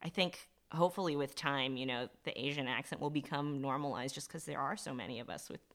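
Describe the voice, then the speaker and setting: A woman with a notably low voice joins a relaxed podcast discussion. She speaks thoughtfully and hedges her points, pausing on small fillers as she works out what she means. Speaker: podcast co-host. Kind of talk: casual discussion.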